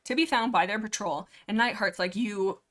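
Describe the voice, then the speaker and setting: A woman hosts a casual book-chat livestream, rambling freely with a playful, teasing edge. Her voice sits at an ordinary middle pitch and comes through a desk microphone. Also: fairly quick, fairly bright tone. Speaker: livestream host.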